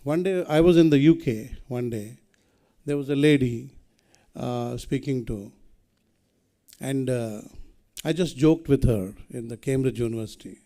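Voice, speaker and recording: Mellow-voiced Indian man telling stories. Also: medium pitch, measured pace, long pauses. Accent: Indian English. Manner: storytelling with frequent hesitations. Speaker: senior police officer giving a talk. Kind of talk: anecdotal speech. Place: university auditorium.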